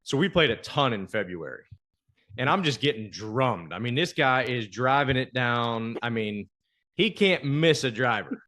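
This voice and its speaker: A man hosting a podcast, telling a golf story in casual chat and acting out the quoted trash talk with big jumps in pitch. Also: animated, measured pace, bright, forceful tone. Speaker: podcast host.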